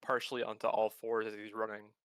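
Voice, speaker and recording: Man with a smooth, resonant voice narrating. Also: fairly low pitch, little pitch movement, fast talker, a bit bright, dry recording. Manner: vivid, descriptive narration. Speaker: player. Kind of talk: describing his character's actions in a tabletop game.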